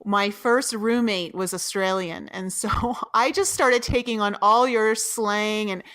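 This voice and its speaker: A woman's voice: mid-range voice, unhurried, dry recording. A woman co-hosting a podcast, introducing the guest with an upbeat manner and then chatting casually. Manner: bright, upbeat interviewer. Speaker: podcast co-host.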